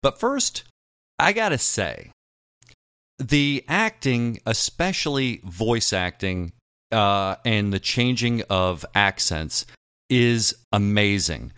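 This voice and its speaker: Smooth-voiced man, dry close sound. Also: lowish voice, slow pace, no echo. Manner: animated, probing questions. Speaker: podcast co-host. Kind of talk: casual chat.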